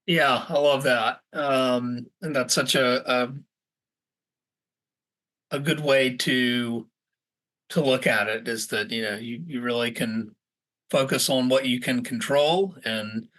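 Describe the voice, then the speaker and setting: A man's voice: mid-range voice, a bit bright. A male podcast host with an ordinary mid-range voice who asks his guest loose, conversational questions. He stumbles and restarts his phrases as he thinks aloud. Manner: halting, restarts often while forming questions.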